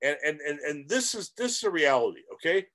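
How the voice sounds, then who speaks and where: A man's voice: on the high side, very animated, brisk, fairly bright tone. A middle-aged man coaching real estate investors straight to camera, emphatic and rambling, with self-aware jokes. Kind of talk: direct-to-camera coaching monologue.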